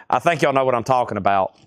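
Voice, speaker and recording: A man's voice: mid-range voice, no room sound, clean studio sound. Casual male host reading out record prices. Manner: casual, runs through grades and prices. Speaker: host of a live record sale. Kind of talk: live online sales stream.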